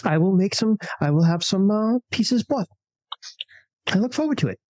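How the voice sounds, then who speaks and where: A player voicing a flustered, polite young woman artist who stammers gratefully and excitably. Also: medium pitch, moderate pace, no room sound, voice pushed up, lightly acted.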